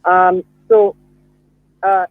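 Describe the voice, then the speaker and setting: A woman, a guest commentator, giving a measured explanation with frequent fillers in a phone-in discussion. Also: fairly low pitch, little pitch movement, no room sound. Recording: tinny, dry phone line.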